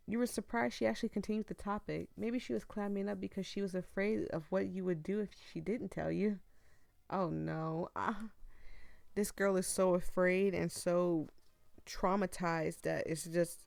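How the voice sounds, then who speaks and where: A woman hosting a gaming video who reads a story game aloud and reacts live, with an emphatic, slangy manner that gets loudly worked up. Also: lowish voice, normal speed, creaky, no room sound.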